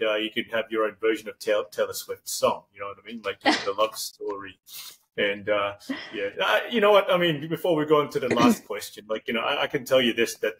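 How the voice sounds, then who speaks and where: A man hosting a podcast, talking in a rambling, animated way and acting out example lines. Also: mid-range voice, slight background noise, rough recording. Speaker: podcast host. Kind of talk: casual interview chat.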